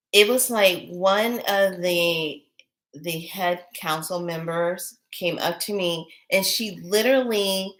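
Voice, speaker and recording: A middle-aged woman who is a priestess tells a personal story in casual chat, her lowish voice breathless and full of wonder-struck exclamations.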